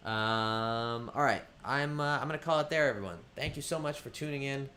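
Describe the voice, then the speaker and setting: A man from the Boston area hosting a casual livestream, relaxed, with many fillers, reading viewer questions aloud and answering them. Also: mid-range voice, normal speed, slight background noise. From Boston area, United States. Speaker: livestream host.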